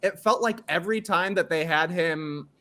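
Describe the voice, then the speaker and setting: A man's voice: sits high, normal speed, pushed and bright. A man hosting a podcast in casual chat. He laughs often as he talks. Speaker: podcast host.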